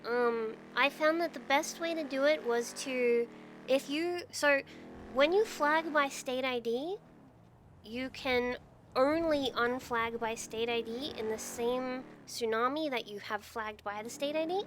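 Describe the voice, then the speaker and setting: High-voiced woman chatting while gaming. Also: unhurried, a little hiss or hum. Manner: distracted, exclaiming. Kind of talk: casual chat during game roleplay.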